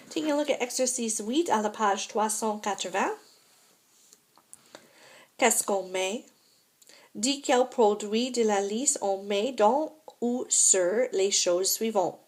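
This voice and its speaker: A woman's voice: mid-range voice, slow, pauses often. A woman teaching a recorded French lesson, explaining grammar step by step and checking in with "right?" and "okay?".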